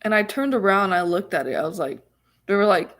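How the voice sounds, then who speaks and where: A woman's voice: medium pitch, animated, brisk. A young woman vlogger casually telling viewers a personal story, chatty and full of restarts and laughter.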